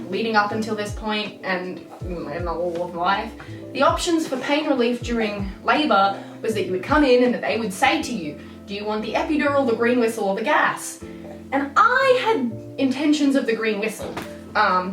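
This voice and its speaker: A young woman with a medium-pitched voice tells a candid, rambling story in an exasperated storytime vlog. The mic is distant and off-axis, the room echoes, and music plays behind her.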